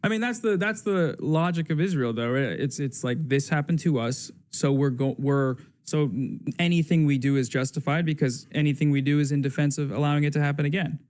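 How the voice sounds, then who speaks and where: Man, casual livestream chat, relaxed, questioning, slightly higher voice. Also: fairly quick, few pauses.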